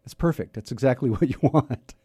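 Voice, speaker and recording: Middle-aged male talk radio host, warm low-key tone, rambling and self-deprecating. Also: a little fast, husky, no room sound, clean studio sound. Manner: chatty, self-mocking, rambling with restarts. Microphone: studio mic.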